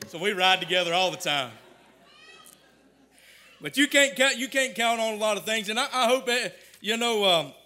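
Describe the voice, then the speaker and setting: High, bright-voiced preacher man. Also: lively intonation. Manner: builds to loud shouted emphasis, halting repetitions. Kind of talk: sermon.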